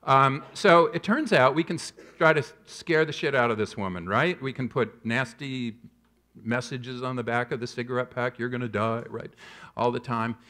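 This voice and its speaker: A man in his fifties, a public health professor, giving a conference keynote with animated storytelling and self-deprecating humor. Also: medium pitch.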